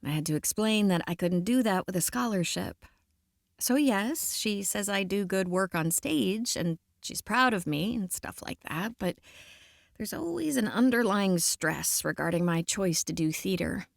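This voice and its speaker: A woman's voice: medium pitch, animated, measured pace, gravelly, no echo. Give me a woman narrating a first-person audiobook, conversational, with a dry studio sound.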